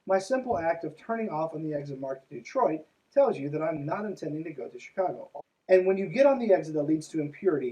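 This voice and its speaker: A man's voice: fairly high pitch, darkish tone, far from the mic, low-quality recording. A man hosting a podcast, reading a book aloud and breaking off into sarcastic, exasperated commentary. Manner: sarcastic, exasperated asides between read passages. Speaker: podcast host.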